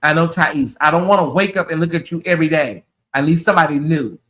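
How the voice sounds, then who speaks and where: Sassy male host chatting on a livestream with a high, crisp, bright voice. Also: fast talker. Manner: sassy, chatty, calls listeners honey and y'all. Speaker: channel host. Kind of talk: casual livestream chat.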